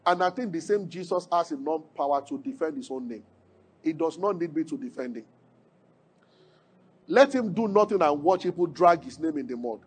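A man preaching a sermon as pastor, asking the congregation questions, swinging from emphatic peaks to low, quiet lines. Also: expressive, normal speed, husky.

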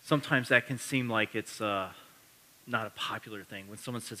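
A man's voice: mid-range voice, moderate pace, pushed and bright. A man preaching a sermon as pastor, earnest and building to emphatic repetition, with casual self-correcting asides.

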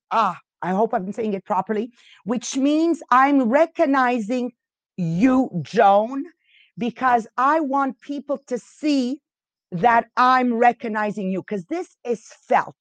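A woman's voice: fairly high pitch, no echo. A woman hosting a podcast, teaching in a casual way and often stopping to restart her sentences. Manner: halting, restarts often, unsure of pronunciation. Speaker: podcast host leading a reading group.

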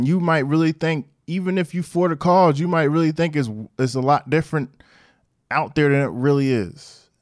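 A man hosting a podcast, telling a personal story in a loose, slangy, animated way. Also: mid-range voice, no echo, clean studio sound. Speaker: podcast host. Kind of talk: casual monologue.

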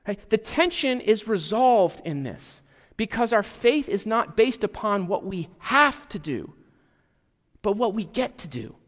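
A male pastor with a fairly high voice delivers a sermon in a loose, conversational way, with asides and a little self-deprecating humor. He sometimes drops to a near whisper for emphasis, and a long reverb hangs in the church hall around him. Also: sing-song, unhurried, fairly bright tone. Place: church sanctuary.

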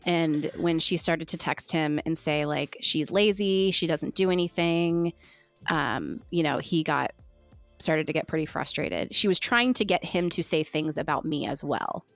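A woman with a fairly low voice tells her own story in relaxed, candid conversation. She talks it through with lots of "like" and quotes people in put-on voices. The sound is dry and close, with faint music in the background. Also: moderate pace, vocal fry, no echo. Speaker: guest sharing her story. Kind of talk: casual conversation.

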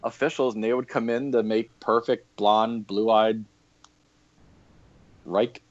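A man's voice: lowish voice, fairly even intonation, slow. Laid-back man telling stories over lo-fi audio. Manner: rambling, laughing anecdotes with many fillers. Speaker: podcast guest, former historic fort coordinator and EMT. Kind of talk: casual interview storytelling. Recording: dull lo-fi remote audio.

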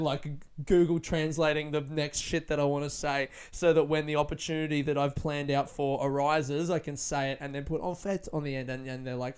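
A man's voice: fairly high pitch, darkish tone, smooth. A man hosting his own podcast in casual solo chat from a friend's living room, rambling, laughing and swearing freely as he mocks himself. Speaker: podcast host.

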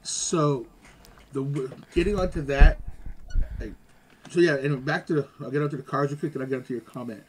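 A man telling stories in casual chat as a guest, animated and slangy, laughing along. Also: medium pitch, brisk, slight background noise.

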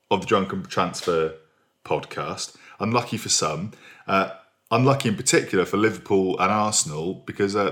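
A young man from Berkshire, England, hosting a casual podcast with jokey, self-mocking banter that trails off quietly. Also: deep voice. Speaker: podcast host. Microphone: remote recording.

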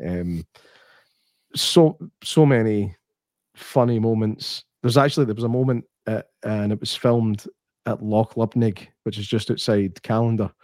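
A man's voice: on the low side, unhurried, no echo, studio quality. A Scottish man co-hosting a podcast, swearing freely and acting out quotes as he tells stories in casual chat. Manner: sweary, animated storyteller who acts out quotes. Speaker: podcast co-host.

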